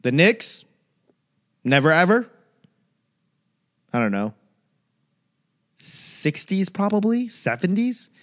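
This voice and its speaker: A man's voice: high-pitched, very animated, takes it slowly, long pauses, a bit bright. A man hosting a casual solo talk show, ranting on tangents with profanity and sarcastic mimicry. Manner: rambling tangents. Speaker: solo podcast host.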